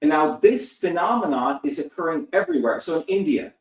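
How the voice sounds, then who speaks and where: A man's voice: a little high, expressive, brisk. Man in his fifties, interview guest, fiery and profane, lectures hard; echoey room, heard from a distance. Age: 50s. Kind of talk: heated interview talk. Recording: roomy sound, distant from the mic.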